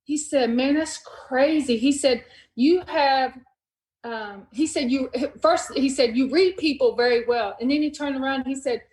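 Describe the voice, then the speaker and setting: A woman with a high voice hosts a casual podcast conversation. She retells a story with animation, slipping into the lines of the people in it. The room around her is echoey. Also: a little slow. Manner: animated retelling, acts out dialogue in quotes. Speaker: podcast host.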